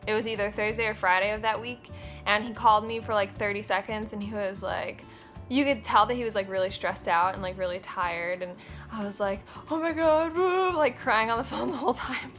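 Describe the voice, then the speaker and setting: A woman's voice: mid-range voice, steady tone, brisk, a bit bright, soft background music. A young woman in her twenties chatting casually to camera in a vlog, full of fillers and offhand swearing. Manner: chatty, with many fillers and quoted asides. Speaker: vlogger. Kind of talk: casual chat.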